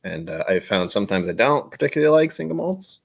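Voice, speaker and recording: A man hosts a relaxed live stream, chatting while he tastes. His voice sits fairly low but jumps around a lot in pitch. He rambles, loses his train of thought and pokes fun at himself. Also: fast talker, gravelly. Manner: rambling, self-deprecating, easily sidetracked. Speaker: whiskey stream host. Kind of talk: casual live-stream chat.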